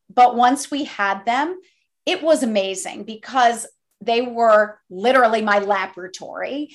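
A middle-aged woman with a slightly high voice tells stories as an interview guest. She speaks with animated, enthusiastic energy. She keeps the anecdotes flowing as she talks through them. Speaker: guest, toy company co-founder. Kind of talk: interview storytelling.

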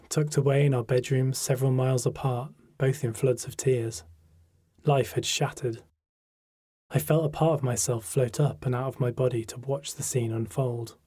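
A man reading a sombre first-person memoir in a measured, quietly emotional way. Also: mid-range voice, slightly rough, no room sound, studio quality.

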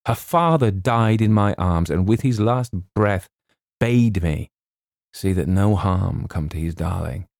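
A man voicing a stern, menacing old male colonel who speaks in a quiet, grave way. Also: low-pitched, expressive, measured pace, creaky, no room sound, studio quality, full character voice.

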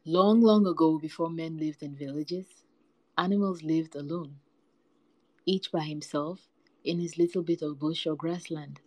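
A woman reading folktales aloud with a lively, varied storytelling delivery. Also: on the low side, no room sound, low-quality recording.

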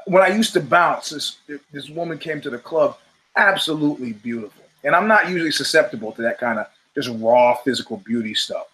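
Host, middle-aged man, slightly high voice; rambling profane storyteller who acts out his quotes. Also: lively intonation, a little fast, fairly bright tone, rough recording. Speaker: show host. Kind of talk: casual monologue.

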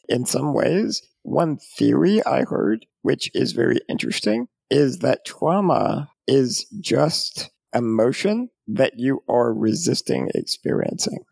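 A man as a podcast guest, talking in a serious, measured, quiet way. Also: medium pitch, gravelly, no echo. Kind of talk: conversational interview.

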